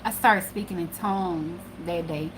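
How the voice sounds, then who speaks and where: Animated, profane woman telling a story. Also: on the low side, moderate pace, slight background noise. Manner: animated and profane, swinging between hushed and loud. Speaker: spiritual channel host. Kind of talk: casual storytelling monologue.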